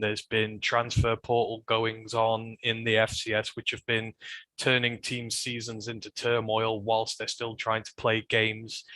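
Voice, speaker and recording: A British man leads a relaxed sports chat, padding his points with fillers and hedges. His voice is low and steady, with little rise and fall. The sound is dry and close. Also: no room sound. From United Kingdom. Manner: easygoing, hedging with fillers, leads the segments. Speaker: podcast co-host.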